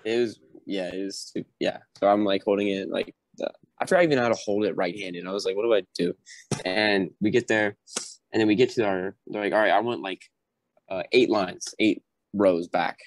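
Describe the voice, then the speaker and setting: Young man, podcast guest, low voice, dry close mic, animated storytelling, acts out quotes. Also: normal speed, no room sound. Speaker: podcast guest, former recruit. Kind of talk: casual storytelling.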